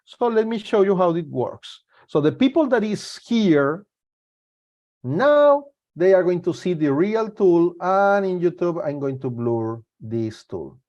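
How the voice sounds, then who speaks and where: Higher-voiced man presenting a security webinar. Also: very animated, a little mellow, highs cut off. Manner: halting, repeats and restarts words. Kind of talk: live webinar talk.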